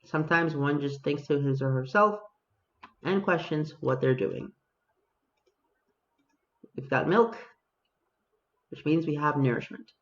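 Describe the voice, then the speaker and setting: A man's voice: on the high side, unhurried, pauses often, lo-fi sound. A man giving casual, self-mocking commentary over his own gameplay as a video host, talking to himself and his viewers.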